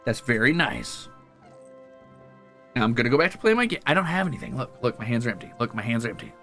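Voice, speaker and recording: A young male streamer talks casually, coaxing and teasing with offhand swearing. His voice is bright and gravelly, swinging widely in pitch, with faint music underneath. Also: very animated, fast. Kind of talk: casual live stream chat.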